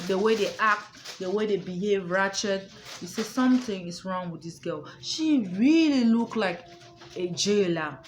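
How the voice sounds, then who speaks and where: A medium-pitched adult woman narrates a family story to viewers, casual but emphatic, restating points and asking if the listener gets it. There is slight background noise.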